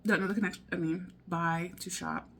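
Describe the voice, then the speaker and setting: A woman's voice: fairly low pitch, fairly even intonation, a little fast, a little hiss or hum. A woman vlogging her language study, thinking aloud, repeating foreign phrases and drifting into chatty asides with little laughs. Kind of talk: casual study vlog.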